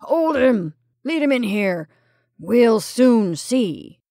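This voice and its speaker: Woman putting on a booming, hearty gentleman. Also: very animated, moderate pace, no room sound, clean studio sound. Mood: exclaiming. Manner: booming and exclamatory. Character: hearty, stern middle-aged gentleman of the house.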